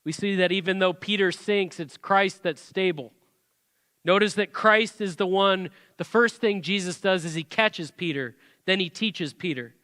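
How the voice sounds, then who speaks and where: Bright-voiced pastor preaching. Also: male voice, high-pitched, a little slow, dry recording, clean studio sound, in a large hall. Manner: conversational, rhetorical questions. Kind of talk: sermon. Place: church sanctuary.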